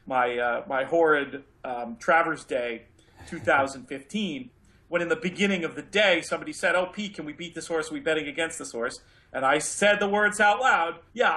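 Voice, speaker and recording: A man on a podcast with a bright, forceful tone and a voice pitched a little above usual. He talks things through reflectively, looping back and restarting his sentences as he goes. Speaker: podcast co-host, horse racing handicapper. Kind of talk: casual podcast discussion.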